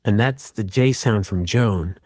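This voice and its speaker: Man, low voice, dry close sound, calm step-by-step tutorial narration. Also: a little slow, no echo. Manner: calm, methodical explaining. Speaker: audio repair tutor. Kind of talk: screen-recorded software tutorial.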